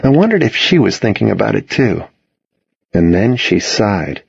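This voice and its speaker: Low, husky-voiced male audiobook narrator. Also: normal speed, dry recording, muffled recording. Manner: intimate, expressive storytelling. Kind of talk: first-person audiobook narration.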